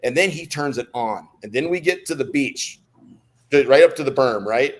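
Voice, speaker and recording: A man's voice: medium pitch, moderate pace. A middle-aged American man talks through an old memory on a podcast. He rambles at an easy pace, restarting his sentences as he goes. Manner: relaxed, rambling storyteller with restarts. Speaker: guest, former Navy SEAL. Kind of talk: storytelling in a podcast interview.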